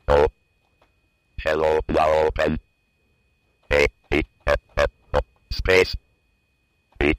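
Super deep monotone old speech synth guy, slow and dead flat. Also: clear, resonant tone, no room sound, heavily acted. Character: old robotic talking note-taker device, male.

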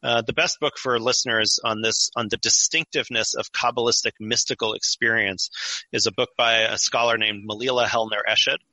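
A man's voice: mid-range voice, fairly even intonation, a little fast, bright, forceful tone, dry recording, rough recording. A man, a guest author in a conversational podcast interview, explaining ideas at length, digressive and full of fillers.

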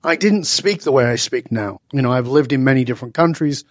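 A man in his sixties from Northern England, a guest telling stories in conversation and acting out the dialogue with lively voice changes. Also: mid-range voice, a little fast, no echo, studio quality. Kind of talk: animated storytelling in conversation.

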